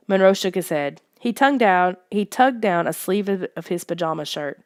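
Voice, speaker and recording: A woman reading a first-person story aloud in steady, even narration. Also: lowish voice, normal speed, hardly any pauses, no room sound, clean studio sound. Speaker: audiobook reader.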